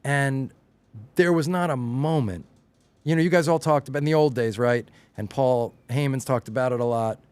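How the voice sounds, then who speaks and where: Animated middle-aged man with a faint Long Island accent. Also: medium pitch, moderate pace, clean tone, dry recording. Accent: slight Long Island. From Long Island, New York. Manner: animated storyteller, acts out quotes with rising excitement. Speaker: podcast guest, showrunner. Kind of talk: casual chat.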